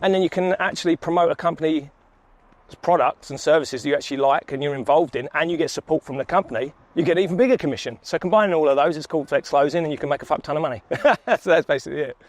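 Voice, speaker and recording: A man's voice: a little high, rapid-fire. A man, telling his story in casual chat while walking down a city street, laughing and swearing freely. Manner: laid-back, swears freely, laughs often. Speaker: vlogger, sales coach. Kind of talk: casual walk-and-talk storytelling.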